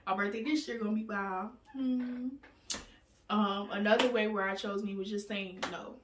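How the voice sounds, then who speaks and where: A woman speaks in a relaxed, heartfelt vlog manner, laughing easily and pausing with "um"s as she talks. Her voice sits in the middle of the usual range. The sound is echoey, and she is set well back from the mic. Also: mid-range voice, far from the mic, background noise. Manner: earnest and candid, laughs often, many "um"s. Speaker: vlogger. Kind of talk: casual personal vlog talk.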